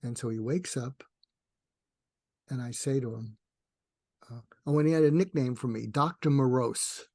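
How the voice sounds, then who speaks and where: A man's voice: medium pitch, normal speed, long pauses, no echo, studio quality. An older man, a retired psychiatrist, telling rambling personal stories as a podcast guest. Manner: rambling, tangential, warm storyteller. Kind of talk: casual storytelling interview.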